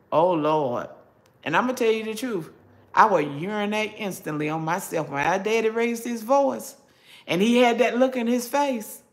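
A woman, chatting with her viewers in a slow, folksy, preachy way. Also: medium pitch. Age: 70s. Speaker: cooking channel host reading chat. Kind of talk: casual live chat.

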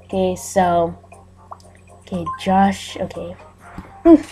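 A woman's voice: fairly low pitch, little pitch movement, slow pace, dark tone, faint music behind. A woman giving casual, chatty commentary as she plays a game, often giggling. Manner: chatty and giggly, narrating aloud. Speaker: gameplay video host.

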